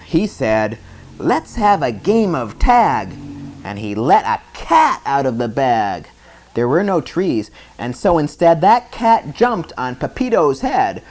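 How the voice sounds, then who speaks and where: A man reading a bedtime story aloud, stopping in a chatty way to explain words and retell parts. His pitch rises and falls in a lively way. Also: unhurried.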